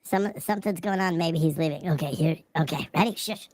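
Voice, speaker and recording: A woman's voice: lowish voice, fairly quick, a little mellow, dry recording. A young woman chatting casually and profanely on a livestream, often laughing and talking to her viewers.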